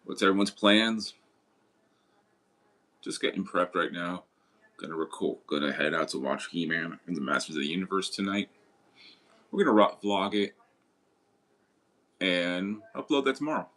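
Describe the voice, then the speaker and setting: A man's voice: sits low, animated, normal speed, pauses often, pushed and bright. A man casually chatting with his live stream viewers and greeting them. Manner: laid-back, greets chat and asks questions.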